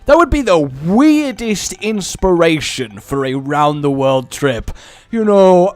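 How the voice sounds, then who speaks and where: A man hosting a let's-play video, giving excitable commentary, dramatic and panicky one moment, sarcastic the next. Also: on the high side, slow, no echo. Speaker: gaming YouTuber.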